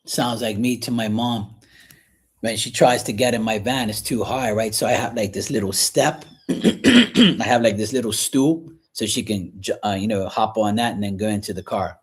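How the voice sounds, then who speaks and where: A man hosting a casual livestream from his kitchen while washing dishes, talking frankly and rambling, often clearing his throat. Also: fairly low pitch, normal speed. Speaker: livestream host reading chat. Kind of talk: casual chat.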